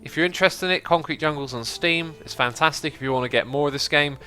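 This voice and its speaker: A man hosting a gaming livestream in a casual, chatty way, reading viewer messages aloud and thinking out loud as he explains. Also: fairly high pitch, quick pace, soft background music. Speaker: livestream host.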